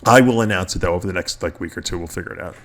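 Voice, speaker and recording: A man's voice: low-pitched, rapid-fire, a bit bright. A middle-aged man hosting a radio show, chatting casually in a rambling way and chuckling often. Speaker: podcast host.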